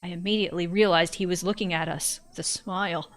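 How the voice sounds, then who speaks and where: A woman's voice: on the low side, steady tone, fast talker. A woman streamer narrating a visual novel in first person, reading expressively and breaking off for joking asides.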